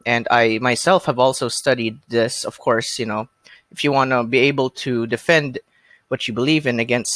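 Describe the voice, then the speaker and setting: A man hosting a podcast in casual chat, talking in a halting way with many fillers and restarts. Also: medium pitch, a bit bright, dry recording. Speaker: podcast host.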